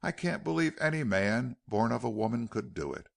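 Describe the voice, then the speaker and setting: Earnest, defiant young captive woman, read by a male narrator; gravelly, lively delivery. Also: mid-range voice, moderate pace. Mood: pleading.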